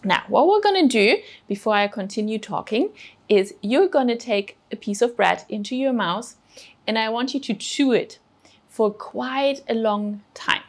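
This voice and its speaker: A woman's voice: a little high, lively intonation, unhurried. A woman presenting a children's cooking show, explaining food patiently and encouraging the kids step by step. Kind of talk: teaching children about food.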